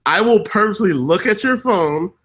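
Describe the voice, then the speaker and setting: Man, co-host in casual talk; jokey, relaxed, heavy on "like". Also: high voice, moderate pace, noisy background. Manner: joking, laid-back, says "like" often. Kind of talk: casual chat.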